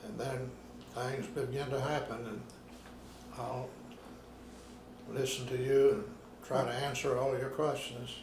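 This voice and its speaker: Gravelly, slow-spoken man in his nineties. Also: medium pitch, level tone, darkish tone. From Arkansas, USA. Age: 90s. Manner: slow, unhurried storytelling with pauses. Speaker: retired minister, interviewee. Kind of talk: oral history interview. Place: his apartment at home. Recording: roomy home recording with background noise.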